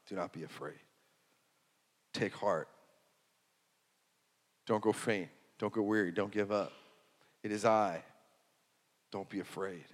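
A man preaching a sermon, swinging from hushed to loud and repeating phrases for emphasis. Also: lowish voice. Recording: long hall reverb.

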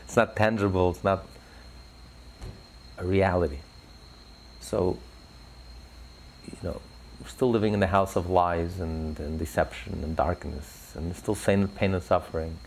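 Gravelly fervent male preacher. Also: low voice, fairly even intonation, a little slow, pauses often, a little hiss or hum. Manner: fervent, builds to rising emphatic peaks. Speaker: religious speaker. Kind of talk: impassioned religious talk.

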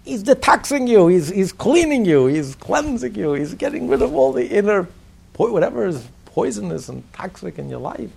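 A man's voice: high-pitched, very animated, normal speed, creaky, a little mellow, slightly rough. A man teaching a religious text class in an emphatic manner, repeating his points and asking rhetorical questions. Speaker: Torah teacher.

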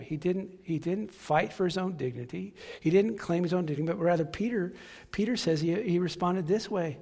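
A man's voice: high voice, moderate pace, gravelly, darkish tone, husky, long reverb tail. A man preaching a sermon with passion, repeating key phrases for emphasis. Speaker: pastor.

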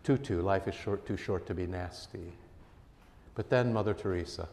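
A man, a pastor, preaching a sermon earnestly and emphatically, his voice rising and falling in loudness. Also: low-pitched, normal speed, vocal fry, long reverb tail.

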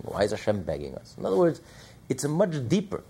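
Gravelly-voiced man teaching a Torah class. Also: mid-range voice, quick pace. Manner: animated, asks and answers his own questions.

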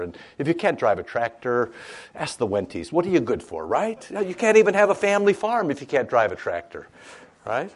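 A man preaching a conversational sermon, tagging "right?" onto his points and making joking asides to the congregation. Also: lowish voice. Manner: conversational, frequent "right?" tags. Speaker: pastor.

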